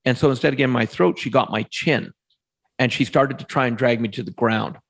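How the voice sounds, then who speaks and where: A man in his fifties, a podcast guest, telling a personal story in a lively way and acting out the voices of the people in it. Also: mid-range voice, a little fast, creaky, husky. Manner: animated storyteller, acts out quoted voices.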